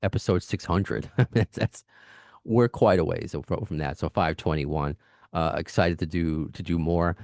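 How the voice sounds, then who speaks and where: New guy hosting a podcast, deep voice, fast talker, dry close mic. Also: fairly even intonation, darkish tone, no room sound. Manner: fast talking, chatty, laughs often. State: recovering from lost voice. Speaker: podcast host. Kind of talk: casual podcast chat.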